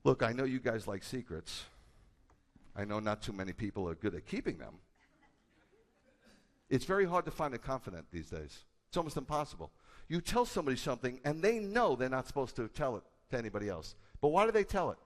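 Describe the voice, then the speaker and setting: A man who is a rabbi, preaching a sermon emphatically and shifting between loud bursts and low confiding asides. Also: sing-song, a little fast. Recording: echoey hall with a long tail.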